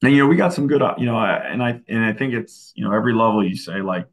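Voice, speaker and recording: A man, a college football coach, talking in a casual interview, relaxed and often restarting his sentences. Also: on the low side, fast. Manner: relaxed, many restarts and fillers.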